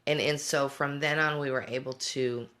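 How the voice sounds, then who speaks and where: A woman's voice: rumbling low, steady tone, normal speed, fairly bright tone. A middle-aged woman hosting a casual livestream, talking reflectively and answering viewer comments as she goes. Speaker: homeschooling parent and show host.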